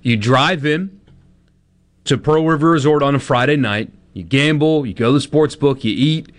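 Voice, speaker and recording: A man's voice: fairly high pitch, normal speed. A man co-hosting a sports radio show, chatting and joking casually with his colleagues. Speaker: radio co-host.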